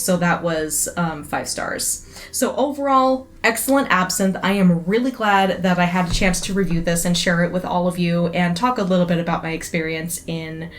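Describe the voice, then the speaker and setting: A woman giving a chatty, enthusiastic casual review, with many fillers. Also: on the low side. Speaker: absinthe reviewer.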